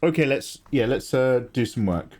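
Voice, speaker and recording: A man's voice: medium pitch, normal speed. A young man casually chatting on an art livestream, theatrical and grumbling, with swearing. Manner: animated, theatrical complaining with swearing.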